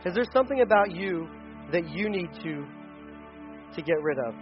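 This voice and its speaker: A man preaching a sermon to his church, animated and conversational, often restarting his phrases and acting out voices. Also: sits high, moderate pace, highs cut off, over music. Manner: animated, acts out voices in quotes, frequent restarts. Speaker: pastor. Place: church sanctuary.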